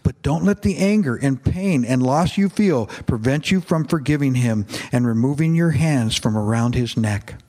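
A man voicing a gentle, wise fatherly figure who speaks calmly and earnestly, reading aloud from a novel. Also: mid-range voice, normal speed, few pauses, lightly acted. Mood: tender.

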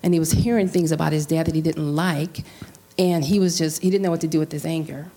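A woman from Central California with a lowish, mellow voice tells a personal family story in a casual discussion. She talks earnestly, restarts her sentences and acts out quoted dialogue. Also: fairly even intonation, fast talker.

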